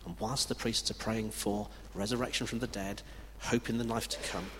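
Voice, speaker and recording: A man preaching a sermon with emphatic delivery. He swings from loud declarations to hushed passages. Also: lowish voice, steady tone, normal speed. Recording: reverberant hall with faint background noise.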